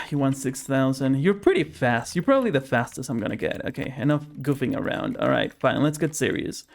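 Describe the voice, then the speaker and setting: Playful, lively man streaming a game. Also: a little high. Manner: playful, jokey haggling with in-game characters. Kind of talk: casual live-stream commentary while gaming.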